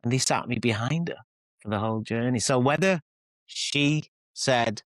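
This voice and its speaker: A Mancunian man in his forties, a pop singer and author from England, guests on an interview and tells candid, self-deprecating stories. He rambles, restarts often and acts out quotes in a mid-range, fairly bright voice at a moderate pace. The recording is dry.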